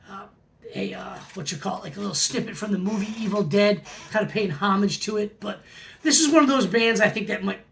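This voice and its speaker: Vlog host, forties, gravelly voice of middling pitch, keen and chatty. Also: a bit bright. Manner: enthusiastic, repeats praise words. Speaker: metal record collector host. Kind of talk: casual album review vlog.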